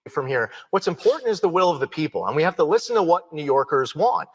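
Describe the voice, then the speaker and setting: A male political candidate giving a measured, hedging answer in a televised debate. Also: on the high side, big pitch swings.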